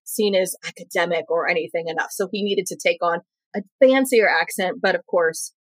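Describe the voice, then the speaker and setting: A woman's voice: lowish voice, fairly quick, no room sound, low-quality recording. An American woman with an American accent in a casual, playful chat who likes to act out what others say. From United States.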